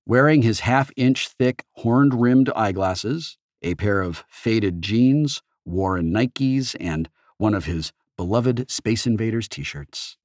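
A man narrating an audiobook in the first person with expressive storytelling. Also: lowish voice, slow pace, few pauses, no room sound, studio quality.

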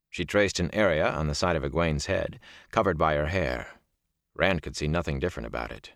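A man narrating an audiobook in a steady, expressive storytelling manner. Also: a bass voice, a little fast, creaky, dry recording, clean studio sound. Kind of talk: scripted narration.

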